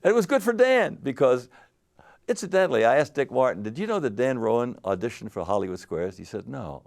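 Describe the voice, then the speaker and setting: An older man, a game show host, telling stories in an interview with lively animated delivery. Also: mid-range voice, fairly quick, gravelly. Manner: animated anecdotal storytelling with laughs. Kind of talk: storytelling interview.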